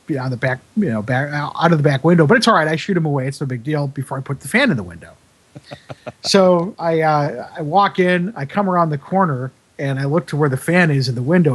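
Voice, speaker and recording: A man with a somewhat high voice tells a story in a casual, rambling way. He fills his talk with fillers and restarts and laughs at his own tale as he goes. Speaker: broadcast engineer guest.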